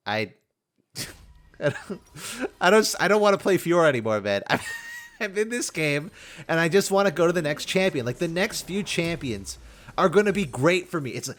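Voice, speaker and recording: Rambling, halting young man gaming host. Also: mid-range voice, a bit bright, a little hiss or hum. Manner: rambling, halting, with many repeated restarts. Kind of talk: casual game commentary.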